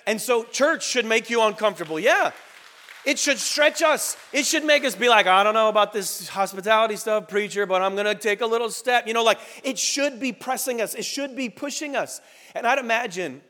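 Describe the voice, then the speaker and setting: A man preaching a sermon as pastor, animated, dropping into low muttering voices to act out inner grumbling. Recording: long hall reverb.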